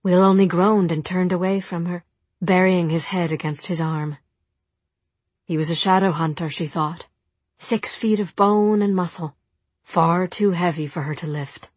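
A woman narrating an audiobook in a soft, measured storytelling manner. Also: fairly low pitch, steady tone, slightly rough, no echo. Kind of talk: audiobook reading.

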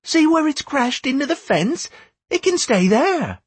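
A man's voice: very high-pitched, big pitch swings, unhurried, no room sound, pitched above the performer's own voice, heavily acted. A chatty toothless village boy. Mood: reassuring.

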